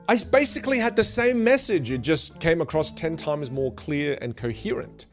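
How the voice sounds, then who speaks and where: A man coaching on clear speaking, with a lively delivery that often slows down for emphasis. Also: on the high side, soft background music. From grew up in a Vietnamese and Chinese culture. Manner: animated, demonstrates rambling and fast talk on purpose. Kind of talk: motivational speaking lesson.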